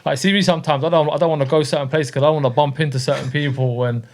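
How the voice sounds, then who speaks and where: Laid-back podcast host. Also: male voice, a little high, steady tone, very fast. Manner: laid-back, repeats words often. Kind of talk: casual chat. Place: podcast studio.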